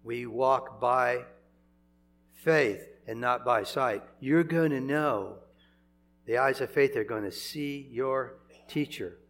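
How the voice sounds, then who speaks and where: A man's voice: mid-range voice, takes it slowly, a bit bright. An older man preaching a sermon, conversational, with chuckles and sudden emphatic swells.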